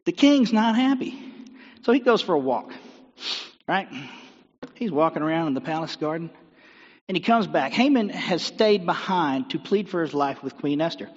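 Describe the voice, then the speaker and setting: High-voiced preacher in an echoing hall. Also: male voice, normal speed, pauses often. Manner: animated retelling with rhetorical questions. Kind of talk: sermon storytelling. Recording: dull sound with long hall reverb.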